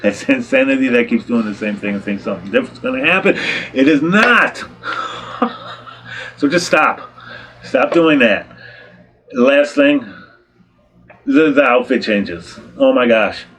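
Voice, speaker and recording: A man's voice: medium pitch, a little slow, long pauses, fairly bright tone. A man, a photographer, talking straight to his audience and giving blunt, exasperated advice full of rhetorical questions and repeated "okay?". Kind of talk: direct-to-camera advice talk.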